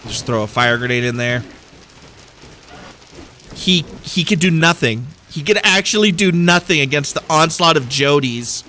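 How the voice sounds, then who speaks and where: A man's voice: fairly high pitch, lively intonation, unhurried, sharp tone, slight background noise. A man giving playful, joking let's-play commentary, wandering off on tangents as he plays. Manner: playful, jokey, goes off on tangents. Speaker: gaming YouTuber.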